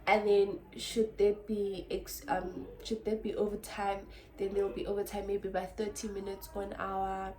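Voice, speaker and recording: A young South African woman tells a story to her camera in a chatty, animated way, switching between languages now and then. Her voice sits at a middle pitch, and the room around her echoes, with a faint hum of ambience underneath. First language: Xhosa. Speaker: vlogger. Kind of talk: casual storytime.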